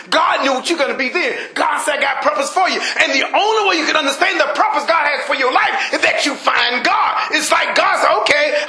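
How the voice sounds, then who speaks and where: A man preaching a sermon, shouting emphatic lines and acting out everyday people in a lowered voice. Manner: impassioned, shouting emphatic preaching with rising bursts. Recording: roomy echo.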